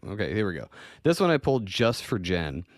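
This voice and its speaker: A man's voice: fairly low pitch, very animated, brisk, dry recording, studio quality. A man hosting a casual podcast chat. He is loose and profane, laughs often and reads news articles aloud. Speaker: podcast host.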